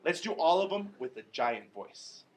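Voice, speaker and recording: Low-voiced woman teaching young children. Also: sing-song, moderate pace, a crowd in the background. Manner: encouraging, prompting children with questions. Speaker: second grade teacher. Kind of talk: classroom vocabulary lesson. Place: classroom with children. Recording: noisy classroom full of children. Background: children chattering.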